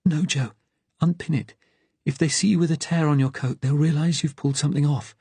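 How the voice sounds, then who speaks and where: A woman's voice: low voice, fairly even intonation, brisk, dark tone, breathy edge, dry recording, voice pushed up, exaggerated voice. A man voicing a panicky, tearful young woman. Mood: calmer. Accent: English middle-class. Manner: breathless, rising to hysterical. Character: frightened young Jewish woman, tearful, pleading.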